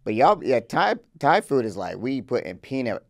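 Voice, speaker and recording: A loose, casual man chatting on a podcast, and his pitch swings a lot as he talks. His voice is mid-pitched and dry, close to the mic. He swears easily and leans on filler words. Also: big pitch swings, moderate pace, creaky, darkish tone, no echo. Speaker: podcast co-host. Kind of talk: casual chat.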